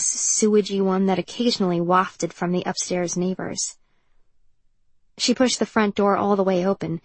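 A woman narrating an audiobook novel in an even, measured storytelling manner. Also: mid-range voice, no echo. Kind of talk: scripted narration.

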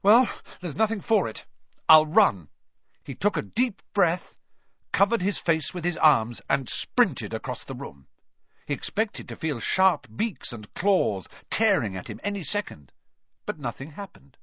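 A man reading a children's fantasy story aloud with expressive, dramatic narration. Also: fairly high pitch, a little slow, breathy edge, no echo, muffled recording. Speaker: audiobook narrator.

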